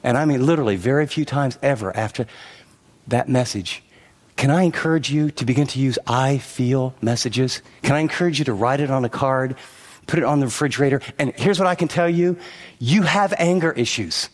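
A man's voice: medium pitch, brisk. A middle-aged man preaching a sermon, telling a personal story and then pressing his points with emphatic, repeated lines and quoted asides. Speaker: pastor. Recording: long hall reverb.

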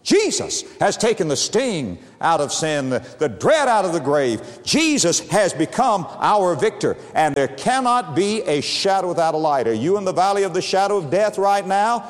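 Male preacher, dramatic sermon delivery, lively swooping voice, slightly high, long hall reverb. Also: normal speed, hardly any pauses. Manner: dramatic, swooping pitch and volume, repeated phrases.

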